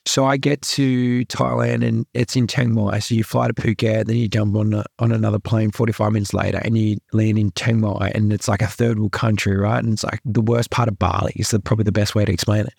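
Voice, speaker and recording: A man's voice: on the low side, little pitch movement, fairly quick, gravelly, few pauses, darkish tone, husky, no room sound, clean studio sound. A young Australian man, a podcast guest, telling his personal story candidly, often repeating himself and adding "like" and "right". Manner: earnest, repeats himself, full of likes and rights.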